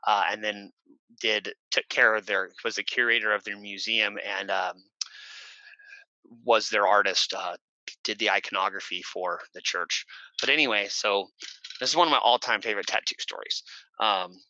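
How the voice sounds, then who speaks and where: Guy rambling thru stories, lots of ums, really bright voice, dry dull sound. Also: fairly even intonation, normal speed, dry recording. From Oregon, USA. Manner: rambling, many fillers and restarts; bursts into shrill shouted imitations. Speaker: podcast guest. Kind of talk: casual storytelling.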